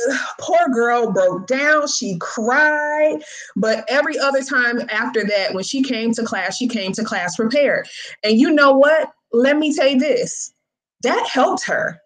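A woman who works as a senior high school teacher, talking casually and acting out the people she quotes in raised voices. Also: expressive, slow, poor audio. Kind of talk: casual storytelling talk.

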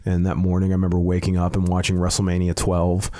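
A man's voice: low voice, completely flat delivery, fast, mellow. A man in casual talk, telling a long story with stammered restarts, frequent swearing and chuckles between phrases. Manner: rambling, profane, stammering restarts, laughs mid-sentence. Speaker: comedian telling a story on a podcast.

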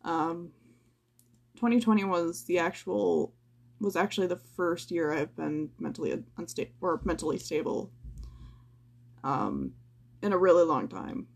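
A young woman speaks slowly on her own podcast, sighing and stammering as she vents. Her voice sits low, gravelly and husky, worn down by fatigue. She sounds near tears. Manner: slow, halting, sighing, stammers. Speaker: podcast host. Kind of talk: personal venting monologue.

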